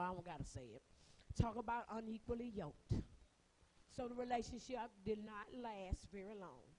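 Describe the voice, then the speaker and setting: A woman minister with a Southern US accent preaching a testimony sermon, fervent and crying, swinging from soft words to shouts. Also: a little high, a little hiss or hum, poor audio.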